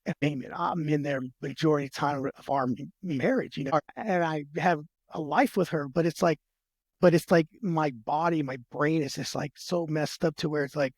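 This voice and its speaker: Speaking as a guest on a podcast, a veteran earnestly recounts his own emotional story, with false starts, repeated words, and conversations retold in fast back-and-forth. His voice sits slightly high for a man and roughens into gravel as phrases close. The sound is close and dry, with no room or echo.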